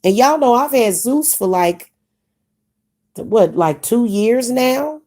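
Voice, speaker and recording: Woman, young adult, Kansas City accent, warm low-key timbre, candid vlogger rambling repetitively. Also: expressive, slow pace. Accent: Kansas City, Missouri. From Kansas City, Missouri. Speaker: witch vlogger. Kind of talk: casual vlog monologue.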